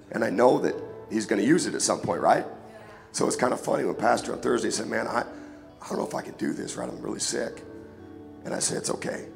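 A man preaching a casual, joking sermon in church, hoarse and sniffling from a cold, often calling for an amen. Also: on the low side. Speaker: guest preacher. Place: church sanctuary. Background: music.

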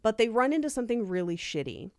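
A woman's voice: fairly high pitch, sing-song, fast talker, a little mellow, no room sound, studio quality. A woman co-hosting a casual podcast, telling a story in a chatty way with many "like"s and easy laughs. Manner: chatty, lots of "like", laughs easily.

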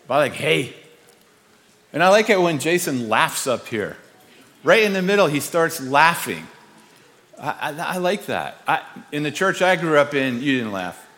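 A man's voice: medium pitch, very animated, moderate pace, fairly bright tone, long reverb tail. A man preaching a sermon in a church, talking in a casual, conversational way with frequent restarts. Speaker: pastor. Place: church sanctuary.

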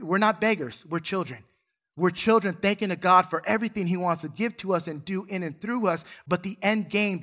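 A man's voice: sits high, a bit bright. A male pastor preaching a sermon in church, earnest and acting out quoted voices. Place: church sanctuary.

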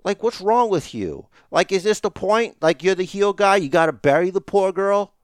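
A man's voice: sits high, lively intonation, moderate pace, clean tone, no room sound, clean studio sound. A middle-aged man co-hosting a casual wrestling podcast, ranting emphatically and swearing as he argues. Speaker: podcast co-host.

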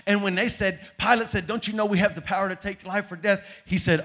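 A man preaching a sermon, moving between hushed passages and loud, dramatic build-ups. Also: high-pitched, fairly even intonation, fast, hardly any pauses. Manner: dramatic, swings from soft to loud.

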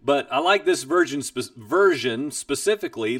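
Male Bible teacher, earnest and emphatic, gravelly high voice, dry distant sound. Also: sing-song, moderate pace, a bit bright, no room sound. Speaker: Bible teacher and program host. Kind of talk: personal testimony teaching.

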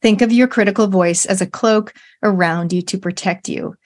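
In a casual interview, a female podcast host speaks at a moderate pace in a mid-range voice. She comes across as warm and enthusiastic, affirming whatever her guest shares.

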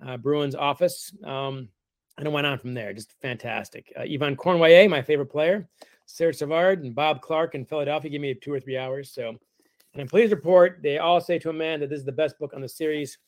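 A middle-aged male author being interviewed, spinning stories with a wry, animated delivery. His voice is a touch high and the recording is dry and close. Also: a little fast, dry recording. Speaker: guest author. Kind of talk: casual interview chat.

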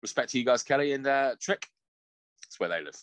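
Guy in his late 30s ranting on a podcast, sweary and lively, pitch all over the place, dry close sound. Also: fairly quick, no room sound. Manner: sweary, animated storytelling with laughs. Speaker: podcast co-host. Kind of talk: casual chat.

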